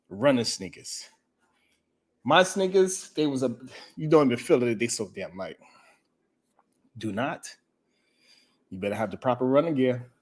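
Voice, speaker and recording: Male talk-show host, casual storyteller, loud animated bursts, frequent swearing. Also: mid-range voice.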